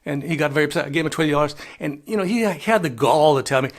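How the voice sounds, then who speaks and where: A man's voice: fairly high pitch, fast talker. An older man telling rambling travel stories in a casual vlog, chuckling and dropping in Spanish phrases. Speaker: travel vlogger. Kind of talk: casual storytelling monologue.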